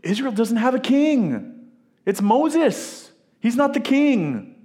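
A man preaching a sermon, retelling a scripture story in a casual, animated way with asides to his listeners. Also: high-pitched. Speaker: pastor.

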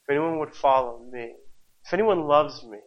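A man's voice: a little high, moderate pace. Impassioned male preacher, lo-fi sound. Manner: impassioned, repetitive preaching with rhetorical questions. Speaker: pastor. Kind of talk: sermon. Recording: dull lo-fi recording.

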